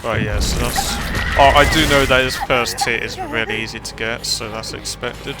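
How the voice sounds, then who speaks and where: A man's voice: medium pitch, steady tone, normal speed, loud music behind the voice. A man giving casual, rambling gameplay commentary with self-deprecating remarks. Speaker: gaming channel host.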